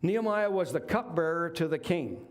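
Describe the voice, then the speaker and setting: A man's voice: a little high, expressive, normal speed. A middle-aged man preaching a sermon, retelling a Bible story in a conversational, folksy way with casual asides. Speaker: lay preacher.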